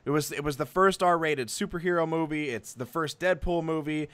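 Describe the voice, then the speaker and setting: A man co-hosting a casual chat podcast, excitable and swearing freely as he talks. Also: fairly high pitch, normal speed, a loud crowd. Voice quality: excitable, swears freely, self-interrupting restarts. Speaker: podcast co-host.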